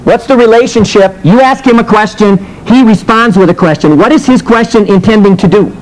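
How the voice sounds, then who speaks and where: A man's voice: high-pitched, a little fast, rough recording. A man preaching and teaching a sermon, telling stories and asking rhetorical questions. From United States. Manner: animated storytelling with rhetorical questions. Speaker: teacher and minister.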